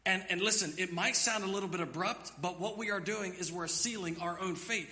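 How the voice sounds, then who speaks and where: Male pastor, high bright voice, preaching with big dynamic swings from hushed to emphatic, church hall reverb. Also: a little fast. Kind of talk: sermon. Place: church sanctuary.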